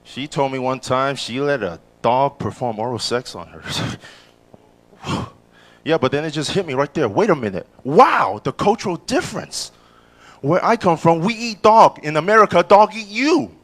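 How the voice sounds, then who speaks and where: A male comedian on a club stage, speaking a little higher than most men into a handheld mic. His delivery is lively and full of swings in pitch, with stammered restarts and sudden loud voices for the people in his stories. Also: moderate pace. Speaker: stand-up comedian. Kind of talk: live stand-up set.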